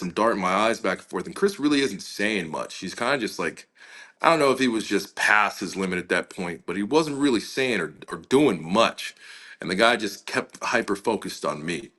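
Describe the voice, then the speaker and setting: Low-voiced man telling a story casually. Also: fairly bright tone. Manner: casual, many fillers, acts out quoted dialogue. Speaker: interview guest. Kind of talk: conversational storytelling.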